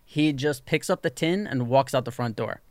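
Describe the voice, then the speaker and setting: A man spinning an animated anecdote for his co-hosts, tossing in "like" constantly and slipping into the voices of the people in his story. His pitch sits in an ordinary middle range. The sound is dry and close, with no room around it. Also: normal speed, no echo. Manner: animated storyteller, lots of "like", acts out quoted people. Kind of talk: casual storytelling chat.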